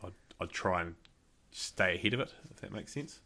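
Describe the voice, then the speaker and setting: A New Zealand man with a low, gravelly voice chats casually as a podcast host. He tells stories with a laugh and acts out the other people in them. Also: animated, normal speed, pushed and bright. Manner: storytelling, laughing, acting out quoted voices. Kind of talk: casual chat.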